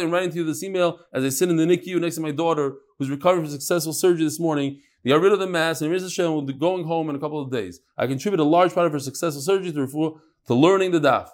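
A man giving a casual daily Talmud class, chatty, with frequent Yiddish and Hebrew terms. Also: on the high side. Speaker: Talmud teacher.

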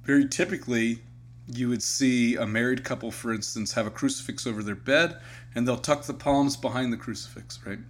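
Podcast co-host, earnest and reflective, everyday conversational delivery. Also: male voice, mid-range voice, fairly quick. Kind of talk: casual chat.

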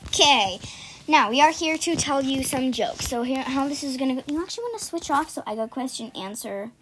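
A woman's voice: high-pitched, animated, brisk, fairly bright tone, slight background noise. A young woman co-hosting a casual podcast, reading jokes aloud and explaining the punchlines with lots of giggling. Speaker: podcast co-host.

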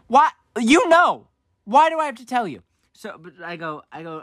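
A young man telling a childhood story on a casual talk show, animated and rambling, forever saying "I was like". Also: high-pitched, fairly quick, no room sound, clean studio sound.

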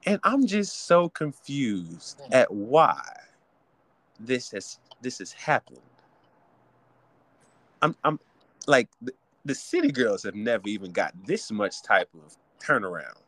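A man's voice: mid-range voice, big pitch swings, takes it slowly, pauses often, a bit bright, no room sound. A man hosting a podcast alone, ranting theatrically about hip hop culture. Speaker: podcast host. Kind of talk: solo podcast rant.

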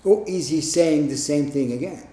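A man gives a Zen dharma talk in a meditation hall, plain-spoken and emphatic, with rhetorical questions. His voice sits a little high and mellow. The room adds a clear echo. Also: moderate pace. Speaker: Zen teacher.

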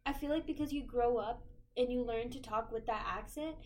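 A young American woman in casual chat, animated and full of fillers. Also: a little high, slight background noise. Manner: animated, filler-heavy, quick to laugh.

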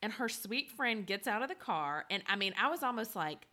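A woman's voice: mid-range voice, sing-song, fairly quick, sharp tone. A woman in her forties, telling a funny story in casual chat, laughing often with lots of fillers. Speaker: podcast co-host.

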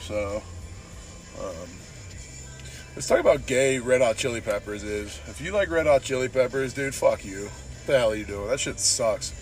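A man from San Diego rants through a casual podcast while driving, rambling and profane, dropping "dude" into nearly every thought. His voice sits in an ordinary middle register. Soft music plays faintly behind him. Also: mid-range voice. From San Diego, Southern California. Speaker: podcast host.

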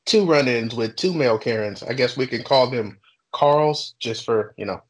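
A young adult man casually telling a workplace story on a podcast, swearing freely and talking with animated energy. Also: mid-range voice, normal speed, a little hiss or hum, poor audio. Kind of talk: casual chat.

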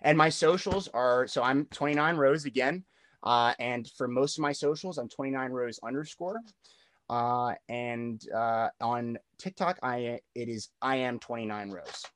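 A man's voice: mid-range voice, a little slow, fairly bright tone. A young man in his twenties, a musician guest in a casual interview, talking loosely with lots of swearing, fillers and restarts.

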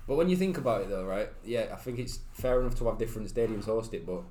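Fast-talking blunt man. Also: lowish voice, lively intonation, dark tone. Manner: blunt, sweary, quick to interrupt. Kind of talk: casual football chat. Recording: echoey room with faint background noise.

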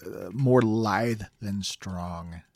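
A man's voice: lowish voice, drawn-out words, creaky, no room sound. A man narrating a tabletop game as game master, reacting openly to the dice rolls.

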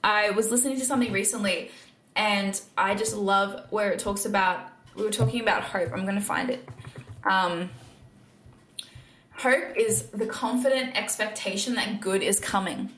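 A woman's voice: mid-range voice, fairly even intonation, normal speed, fairly bright tone, reverberant. A woman hosting a casual faith-based podcast monologue, earnest and encouraging, with lots of filler words. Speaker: podcast host.

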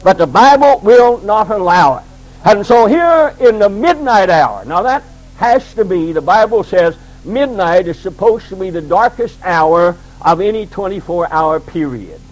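A man's voice: sits high, animated, a little slow, poor audio. A man preaching a sermon as pastor in a church, building his points through repeated emphatic phrases. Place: church sanctuary.

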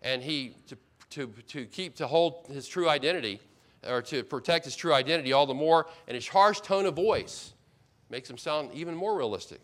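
A male pastor delivering an expository sermon in an earnest, emphatic voice that sits a little high for a man. He hammers key points home through repetition and often stumbles, then restarts a phrase. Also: normal speed.

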